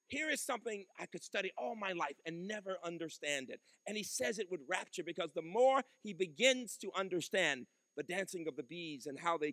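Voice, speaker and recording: A man's voice: high voice, a bit bright, dry recording. An older man giving a commencement address, emphatic and preacherly, with rhythmic repetition into a podium microphone. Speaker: commencement speaker.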